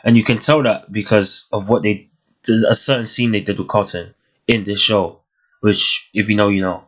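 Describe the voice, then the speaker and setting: A young man giving a casual, thoughtful review of a TV series, often pausing and restarting his sentences. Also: on the low side, fairly even intonation, a bit bright. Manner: thoughtful, hesitant, many restarts and fillers.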